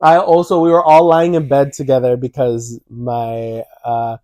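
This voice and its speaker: A young man co-hosting a casual chat, telling stories with animated, acted-out quotes. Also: medium pitch, measured pace, no echo. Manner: animated, acts out quotes in a raised voice. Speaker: co-host.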